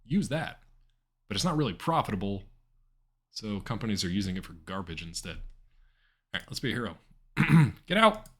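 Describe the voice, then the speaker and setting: This game streamer has a lowish, breathy voice and speaks fairly quickly, yet leaves long pauses. He rambles casually to his viewers live, leaning on lots of fillers.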